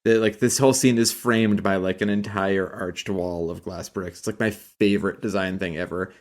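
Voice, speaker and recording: A man's voice: deep voice, steady tone, moderate pace, darkish tone. A man co-hosting a podcast in casual chat, rambling and laughing, swearing casually. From New England. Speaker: podcast co-host.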